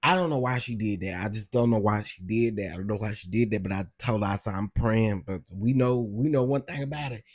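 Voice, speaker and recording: A man's voice: fairly low pitch, quick pace, few pauses, breathy edge. A man hosting a casual livestream, gossiping animatedly and exclaiming straight to his viewers. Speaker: livestream host.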